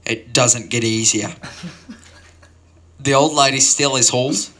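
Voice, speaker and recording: A man's voice: mid-range voice, fairly even intonation, a little slow, fairly bright tone. A man telling a rambling, absurd open-mic story in mock-earnest tones, drifting from tangent to tangent. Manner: stumbling sign-off full of fillers. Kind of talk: improvised comic monologue.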